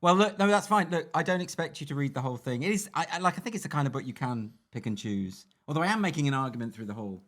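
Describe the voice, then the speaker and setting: Male author guest, dry wit, fast talker with a lively voice. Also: on the high side. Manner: dry, wry wit with animated delivery. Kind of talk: casual comedic chat.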